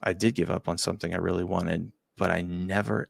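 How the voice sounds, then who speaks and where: A man hosting a talk show, telling a personal story in a halting, emotional way, often dropping to a quiet near-whisper and repeating his words. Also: sits low, flat delivery, creaky, no room sound. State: choked up. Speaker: show host.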